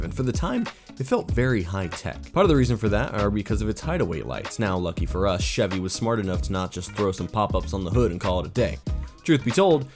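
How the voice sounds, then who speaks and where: Opinionated young man, lively low voice. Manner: opinionated and playful, jokey asides. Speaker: car video host. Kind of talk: casual scripted commentary. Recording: music playing behind the voice.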